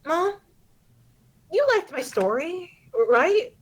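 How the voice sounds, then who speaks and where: A woman's voice: very high voice, very animated, takes it slowly, pitched above the performer's own voice, heavily acted, rough recording. A woman voicing an emotional teenage girl who pleads and gets defensive, as part of a tabletop role-play. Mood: pleading. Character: upset teenage girl obsessed with myths.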